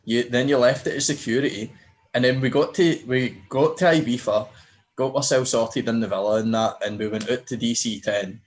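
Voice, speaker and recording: A man's voice: medium pitch, moderate pace. A young man hosting a podcast, teasing his friend and swearing freely in casual chat. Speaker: podcast host.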